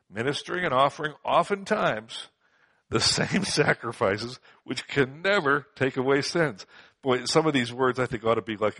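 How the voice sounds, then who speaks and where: Male Bible teacher, mid-pitched, conversational, emphatic repetitions, dry close sound. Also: fairly bright tone, dry recording. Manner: conversational, repeats words for emphasis; frequent fillers and rhetorical questions.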